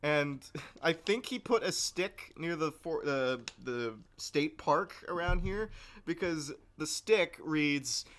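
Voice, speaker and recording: A young man co-hosting a podcast, telling stories in casual chat, animated and laughing often as he acts out the people in them. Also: a little high, takes it slowly. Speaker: podcast co-host.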